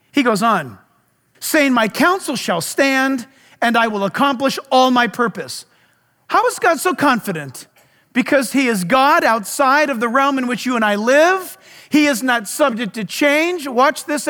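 High-voiced man preaching in a hall. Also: sharp tone. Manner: emphatic, asks the audience rhetorical questions. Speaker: pastor. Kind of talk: sermon. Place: church service.

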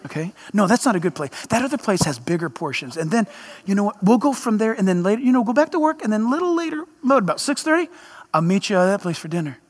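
A man's voice: sits high, big pitch swings, fast, pitched below the performer's own voice. A man playing a chatty churchgoer who rambles about his next meal. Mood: eager. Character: male food-loving churchgoer planning meals.

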